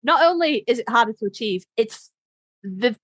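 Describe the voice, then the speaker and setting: A woman's voice: a little high, animated, moderate pace, dry recording. A woman co-hosting a podcast in casual chat, blunt and self-deprecating, swearing freely. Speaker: podcast co-host and instructor.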